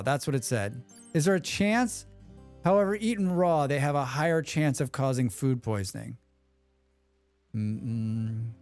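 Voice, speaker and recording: A man hosting a live game stream, chatting quickly with viewers and thinking aloud as he plays. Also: high-pitched, darkish tone, dry recording. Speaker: livestream game host. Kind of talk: casual live gameplay commentary.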